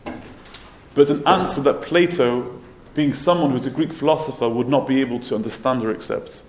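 A man's voice: medium pitch, moderate pace, slight background noise. A man teaching a Torah lesson, retelling a Midrash in an earnest storytelling manner with occasional restarts. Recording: roomy echo, faint ambience.

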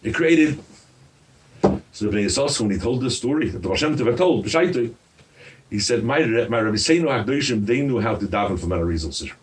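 A man preaching a sermon as a rabbi, animated and firing rhetorical questions at his listeners. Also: mid-range voice, fast, distant mic, slight background noise.

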